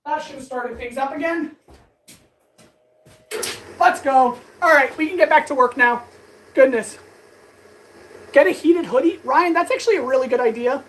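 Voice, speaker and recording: Woman blacksmith on a live stream, high bright voice, talks fast and chatty while working. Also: slight background noise, low-quality recording. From Canada. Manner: chatty, talks fast, answers chat eagerly. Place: workshop with power tools.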